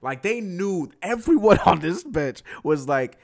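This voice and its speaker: A man co-hosting a casual sports podcast, talking in an animated, excitable way and often repeating himself. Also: high-pitched, unhurried, creaky. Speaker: podcast co-host.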